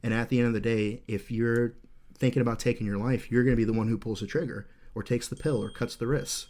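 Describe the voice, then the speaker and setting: A man's voice: medium pitch, steady tone, fast talker, dark tone. Profane, intense man in his thirties. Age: 30s. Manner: profane, swears nearly every sentence; intense, earnest, rambling with fillers. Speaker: podcast host. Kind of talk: casual podcast storytelling.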